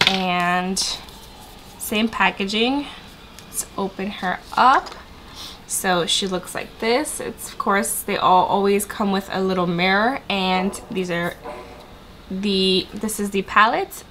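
A woman's voice: mid-range voice, takes it slowly, fairly bright tone, slight background noise. A woman sounding stuffy and congested, chatting to viewers in a sit-down makeup review vlog. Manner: bubbly and chatty, addressing viewers directly. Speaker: beauty vlogger.

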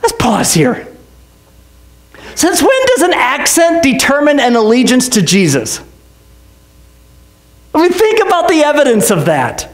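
A male pastor preaching in an echoey church, his voice high and swinging widely up and down. He jokes and slips in sarcastic asides as he works through the text. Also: a little slow, long pauses. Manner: animated, joking, sarcastic asides. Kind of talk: sermon.

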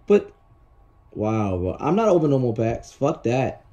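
A man's voice: mid-range voice, big pitch swings, moderate pace, warm tone. A man hosting his own gaming channel, ranting and swearing in casual commentary. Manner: frustrated, ranting, swears a lot.

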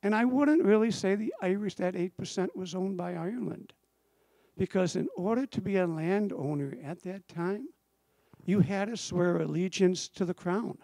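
Storytelling man with a gravelly voice. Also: high voice, normal speed, mellow, no echo. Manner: storytelling, emphatic, repeats phrases for effect. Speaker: author and storyteller giving a history talk. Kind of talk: live history lecture to an audience.

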